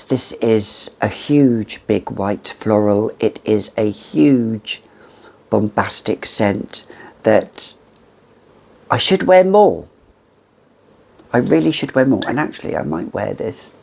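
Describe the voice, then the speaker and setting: A woman's voice: very deep voice, lively intonation, slow pace, creaky, long pauses, darkish tone, a little hiss or hum. A woman in her fifties reviewing fragrances in a chatty, theatrical way with gushing asides. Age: 50s. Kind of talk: casual chat to camera.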